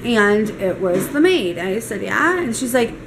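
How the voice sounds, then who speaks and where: A young woman vlogging, retelling a bad weekend in an animated, exasperated way. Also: medium pitch, measured pace, noisy background. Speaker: mom vlogger. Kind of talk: casual storytime vlog.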